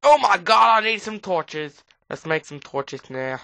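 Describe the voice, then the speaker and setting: A woman with a cold gives rambling casual commentary while playing a game, breaking into sudden high squeals. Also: animated, unhurried, vocal fry, hardly any pauses, fairly bright tone, no echo. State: has a cold. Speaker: gamer. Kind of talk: casual let's play commentary. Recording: dull lo-fi recording.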